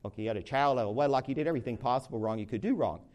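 Male Bible teacher, conversational, lifts his voice on key phrases, reads scripture slowly. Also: mid-range voice. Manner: lively, rising emphasis on key words, slows for scripture reading; conversational, with restarts. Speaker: Bible study leader. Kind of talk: sermon-style Bible teaching.

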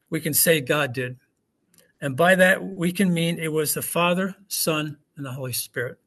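Male pastor, slightly high voice, conversational sermon with rhetorical questions. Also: fairly bright tone. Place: church hall with congregation.

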